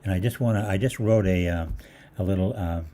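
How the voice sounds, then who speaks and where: A man's voice: low-pitched, brisk, warm tone. An older man hosting a live Q&A who tells rambling, anecdotal stories and acts out the people in them. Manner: meandering, full of fillers and restarts, acts out voices. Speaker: holistic practitioner hosting a live Q&A.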